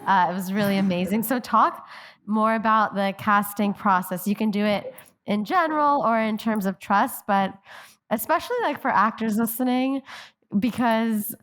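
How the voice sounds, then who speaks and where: A woman's voice: medium pitch, moderate pace, fairly bright tone. A woman with a mid-range voice hosts a casual podcast interview. She affirms her guest often and asks loose, conversational questions. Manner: friendly and affirming, frequent agreement and small laughs. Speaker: podcast host.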